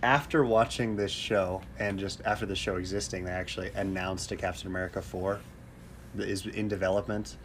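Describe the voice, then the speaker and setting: Podcast host guy, lowish voice, deadpan fake-sad joking, bit of hiss behind. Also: a little fast. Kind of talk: casual comedic podcast chat.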